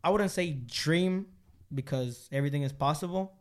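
A man's voice: on the high side, normal speed. A young man, a musician guest, chatting casually in a slangy, laid-back way and laughing often. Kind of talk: casual chat.

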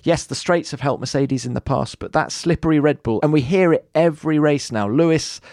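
A man's voice: a little high, a little fast, no echo. Man, podcast co-host, easygoing conversational delivery, dry recording. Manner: relaxed, conversational, with restarts. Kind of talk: casual chat.

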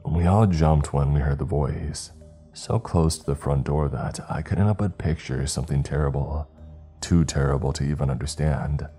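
A man reads a horror story aloud in a measured, hushed delivery. His voice is extremely deep, dark and husky. Faint music plays underneath. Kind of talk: scripted horror narration.

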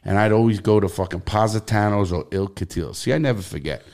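Fast and fairly low in pitch, this middle-aged New Yorker guests on a podcast and doesn't hold back his language. He tells stories bluntly, with an animated, profane manner, in casual interview storytelling.

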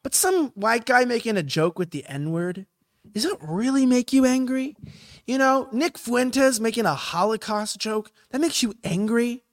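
A man hosting a casual podcast chat, talking in an animated, incredulous and profane way. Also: extremely high pitch, unhurried, no echo, clean studio sound.

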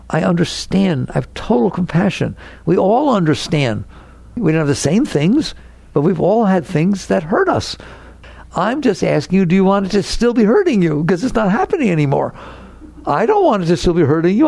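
A man's voice: fairly high pitch, vocal fry, darkish tone, no room sound. An older man giving a spiritual talk to an audience, speaking conversationally and asking many rhetorical questions. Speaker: spiritual teacher.

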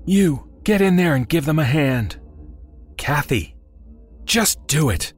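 A man's voice: on the high side, expressive, slow, husky, soft background music, pitched above the performer's own voice, full character voice. Man putting on a sarcastic, menacing woman gangster. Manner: sarcastic, bossy, threatening.

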